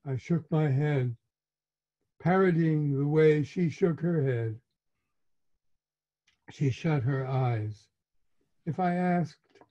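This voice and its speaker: A male author reading his memoir aloud in a measured, wry, reflective manner, on a dull lo-fi recording. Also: fairly high pitch, mellow.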